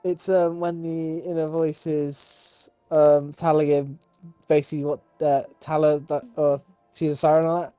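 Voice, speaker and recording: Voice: medium pitch, flat delivery, measured pace, mellow, dry recording, soft background music. A co-streamer chatting casually and hesitantly while gaming, with many fillers. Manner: hesitant, filler-heavy chat.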